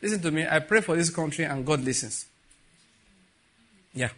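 Husky-voiced preacher, soft to emphatic. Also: male voice, a little high, expressive, normal speed. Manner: storytelling with soft asides and rising emphatic peaks. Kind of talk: sermon.

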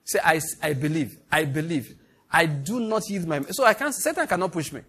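A man preaches with a slightly high voice, drawing out scripture in slow, measured declarations. He repeats each line so the congregation can say it after him. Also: animated, a bit bright, breathy edge. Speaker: pastor. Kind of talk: sermon with guided scripture meditation.

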